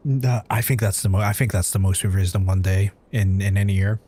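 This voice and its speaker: A man streaming live in casual chat, excitable and profane, stumbling over repeated words. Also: on the low side, fairly quick, husky. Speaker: livestreamer. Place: indoors at home.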